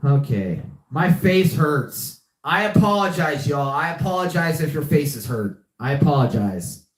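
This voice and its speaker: An animated but unhurried young man hosts a live podcast, his slightly high voice ringing in a reverberant space. The chat is casual and full of repetition.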